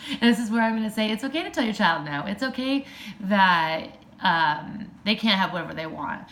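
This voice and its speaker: A woman's voice: mid-range voice, animated, normal speed, fairly bright tone. A woman parenting coach talking straight to parents in a chatty, direct podcast monologue. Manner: direct, advising, chatty with fillers.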